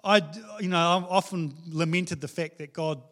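Kiwi pastor, fairly high voice, loose and chatty sermon with jokes thrown in. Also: male voice, steady tone, normal speed, a bit bright. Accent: New Zealand. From New Zealand. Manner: casual, joking, conversational.

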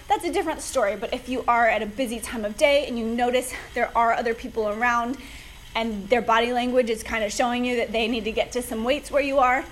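A woman's voice: a little high, slight background noise, rough recording. A woman hosting a fitness podcast, chatty and upbeat, a little out of breath as she pedals an exercise bike. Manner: upbeat, chatty, gives advice directly. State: slightly out of breath from cycling. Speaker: podcast host, fitness coach. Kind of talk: casual solo podcast talk.

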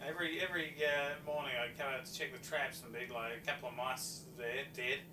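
A man's voice: medium pitch, steady tone, quick pace. Man, rambling storyteller, distant echoey noisy recording. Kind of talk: casual chat.

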